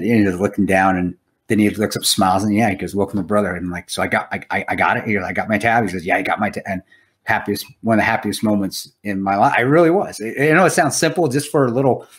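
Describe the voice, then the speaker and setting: A man's voice: on the low side, a bit bright. A man co-hosting a podcast in casual chat, rambling and swearing, with lots of restarts. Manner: rambling, profane, restarts a lot. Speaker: podcast co-host.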